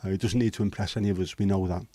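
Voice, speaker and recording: A man's voice: low voice, steady tone, very fast, mellow, no echo. A man with a Liverpool accent hosting a casual livestream, chatting through viewer comments with rambling, hesitant banter and the odd swear. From Liverpool, England. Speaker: livestream host.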